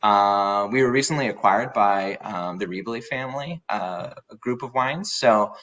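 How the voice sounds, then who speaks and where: A man's voice: lowish voice, normal speed, fairly bright tone, muffled recording. A man, a winemaker guest in a podcast interview, talking casually with many fillers and restarts.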